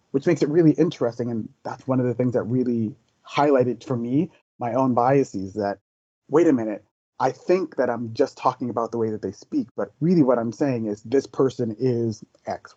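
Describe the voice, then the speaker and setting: A man's voice: medium pitch, warm tone, no room sound, highs cut off. A man who is the guest in an interview, telling personal stories in an earnest, thoughtful way. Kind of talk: reflective interview talk.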